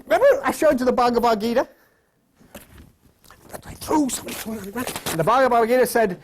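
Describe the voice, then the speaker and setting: Male Bible teacher, sermon delivery: emphatic, repetitive, quizzes the room, swings from loud to hushed. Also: very high-pitched, lively intonation, a little fast. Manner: quizzes and coaxes his listeners with questions. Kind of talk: sermon-style Bible lesson.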